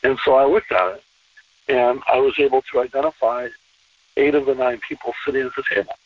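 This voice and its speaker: Husky-voiced man on a tinny line. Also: mid-range voice, level tone, fairly quick, no echo. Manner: emphatic, repeats phrases for stress. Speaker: podcast guest. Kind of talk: conversational interview. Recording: distant, tinny phone-line sound.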